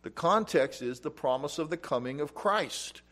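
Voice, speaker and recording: A man's voice: fairly high pitch, animated, normal speed. A man preaching an expository Bible teaching, reading verses aloud and explaining them emphatically. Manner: emphatic, rising loud on quoted scripture.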